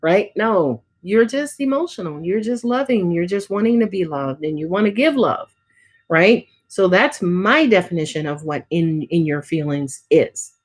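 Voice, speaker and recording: A woman's voice: lowish voice, animated, unhurried. A woman giving a casual live tarot reading, chatty and full of filler words and swearing. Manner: casual, chatty, swears often, frequent "right?" and "um". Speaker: tarot reader.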